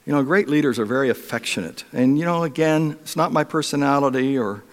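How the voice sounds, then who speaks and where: A middle-aged man from Europe delivers a sermon, drifting into personal stories with fillers and restarts. His voice sits at a mid pitch and rings out with the long reverb of a large hall. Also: fairly quick. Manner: conversational storytelling with many restarts and fillers. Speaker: preacher.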